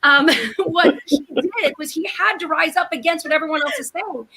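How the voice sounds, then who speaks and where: A woman co-hosting a faith talk show, speaking in an animated, emphatic way. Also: sits high, moderate pace. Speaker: co-host.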